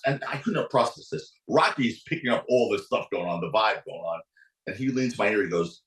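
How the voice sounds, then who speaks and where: Animated storytelling man, roomy sound. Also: quick pace. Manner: animated, acts out quotes with big pitch swings. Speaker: defense attorney guest. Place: podcast studio.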